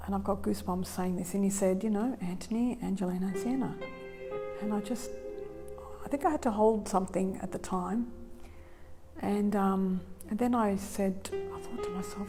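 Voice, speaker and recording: A middle-aged woman giving emotional interview testimony, speaking softly and haltingly with many pauses. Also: medium pitch, fairly even intonation, vocal fry, music in the background. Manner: soft-spoken, halting, many fillers. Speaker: grieving mother interviewed.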